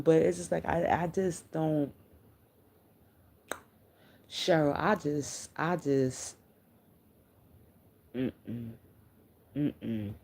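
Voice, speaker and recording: A woman's voice: low voice, very slow, gravelly, long pauses, warm tone, slightly rough. A middle-aged woman chatting on a live stream, blunt and profane, answering her viewers as she tells stories. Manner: blunt, profane, candid storytelling; talks back to viewers' comments. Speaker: livestreamer. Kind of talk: casual live-stream chat.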